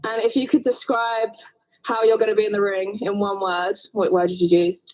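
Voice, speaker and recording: A woman's voice: mid-range voice, level tone, normal speed, darkish tone, rough recording. A woman interviewing a boxer backstage, chatty and upbeat.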